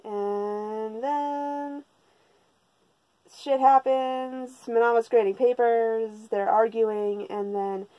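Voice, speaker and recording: A woman's voice: a little high, flat delivery, slow, hardly any pauses, no echo, dull audio. A woman recapping a manga in a casual, rambling way, sarcastic and full of swearing. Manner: sarcastic and profane, rambling with restarts. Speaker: manga reviewer.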